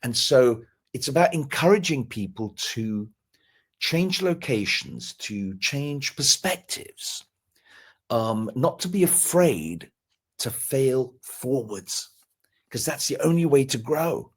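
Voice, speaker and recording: A man's voice: medium pitch, expressive, slow, slightly rough. A man talking in a live stream conversation, earnest and motivational, often repeating words as he builds up. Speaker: guest speaker.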